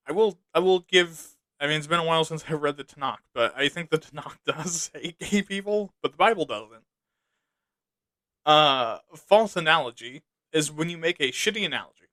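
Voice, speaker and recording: A man's voice: fairly high pitch, sharp tone, no room sound. A man hosting a podcast in a casual monologue, sarcastic and profane, ranting between jokes. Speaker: podcast host.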